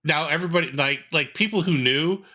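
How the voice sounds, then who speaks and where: Bright-voiced, opinionated man chatting. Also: on the high side, brisk. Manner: opinionated, emphatic, with repeated restarts. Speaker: podcast co-host. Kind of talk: casual podcast chat.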